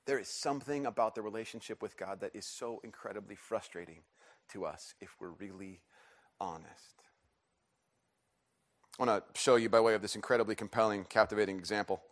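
A middle-aged male pastor delivers a sermon to a church congregation. He tells personal stories with lots of restarts and swings from quiet, low reflection up to loud, pleading questions. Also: brisk, pauses often. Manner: animated storytelling, restarts and rising emphatic questions. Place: church service.

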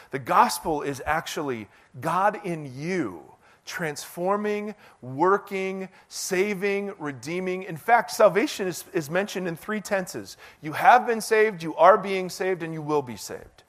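Male pastor, middle-aged, high voice, casual self-mocking sermon delivery. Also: a little slow. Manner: conversational, self-deprecating, animated preaching.

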